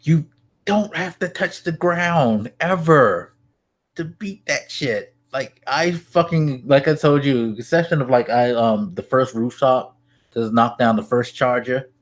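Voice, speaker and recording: A man co-hosting a casual gaming podcast, talking excitedly with lots of swearing and fillers. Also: mid-range voice, unhurried. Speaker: podcast co-host.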